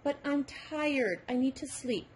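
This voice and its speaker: A woman's voice: sits high, pitched above the performer's own voice. A woman playing a grumpy tired boy. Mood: weary. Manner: slow, complaining. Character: tired, grumpy boy who hates math.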